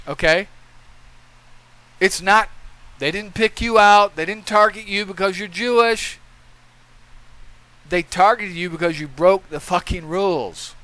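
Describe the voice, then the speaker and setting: A man's voice: high voice, lively intonation, unhurried, pauses often, bright, forceful tone, low-quality recording. A man giving opinion commentary in a blunt, profane rant, lecturing and repeating his points.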